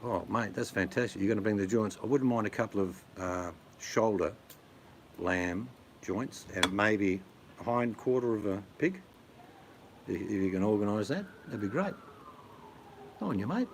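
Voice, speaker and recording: A man's voice: fairly low pitch, normal speed, slight background noise. A middle-aged man with an Australian accent, chatting casually and jokingly with his viewers. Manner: blokey, joking, rambling. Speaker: vlogger answering chat. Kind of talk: casual chat.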